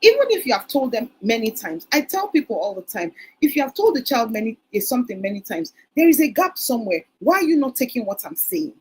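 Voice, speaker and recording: A woman's voice: fairly high pitch, very animated, quick pace, few pauses, darkish tone, slightly rough, poor audio. A woman giving a parenting talk at a conference, telling stories and acting out parents' words. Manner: storytelling, acts out parents' quotes. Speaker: conference speaker. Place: conference hall.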